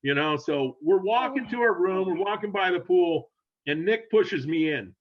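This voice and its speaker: A rambling older man spins a casual story, his voice sitting a touch high. He laughs often and jumps up in pitch to act out what people said. The sound is dull and a bit lo-fi. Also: normal speed. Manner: rambling, animated, laughing, acts out quotes in raised voice. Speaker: guest storyteller.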